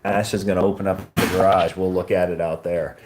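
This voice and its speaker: A man's voice: low-pitched, little pitch movement, a little fast, noisy background. A man hosting a casual live stream, chatting loosely with viewers and greeting them by name, often laughing as he talks into a handheld phone.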